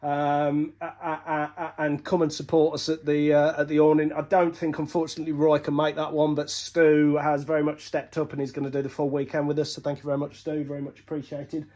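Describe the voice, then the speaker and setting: A man's voice: a little high, completely flat delivery, fairly quick, few pauses, mellow. Male racer, breathless after illness, rambling workshop vlog, slightly raised voice. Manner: rambling, many fillers and restarts. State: short of breath. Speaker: motorbike racer vlogging. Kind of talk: casual vlog update.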